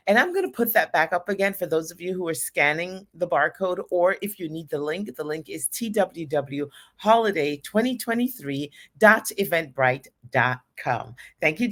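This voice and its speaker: A woman's voice: fairly low pitch, a bit bright. A woman hosting a live show, reading sponsor thanks and upbeat calls to donate. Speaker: host.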